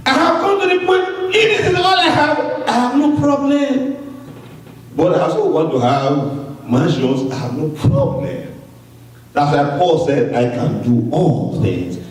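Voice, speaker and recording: A man preaching a sermon with excitement, swinging between booming shouts and low asides, often laughing. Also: a little slow. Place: church sanctuary. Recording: very echoey, from far off the mic.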